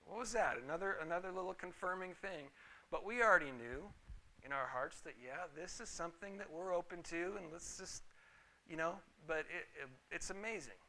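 In a rough recording, the middle-aged pastor's fairly high, pushed and bright voice carries his conversational sermon. He shares personal stories and keeps asking the congregation for amens.

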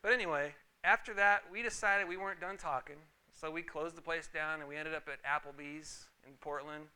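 Bright-voiced man preaching with stories. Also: a little high, fairly even intonation, fairly quick, smooth, poor audio. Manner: conversational, storytelling, calls for amens. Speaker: pastor. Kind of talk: sermon with personal story.

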